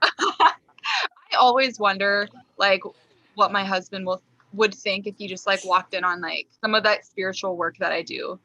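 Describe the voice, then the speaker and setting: A woman's voice: mid-range voice, steady tone, moderate pace, bright, forceful tone, dry recording, lo-fi sound. A young adult woman co-hosting a casual podcast chat, rambling in a giggly, friendly way. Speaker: podcast co-host.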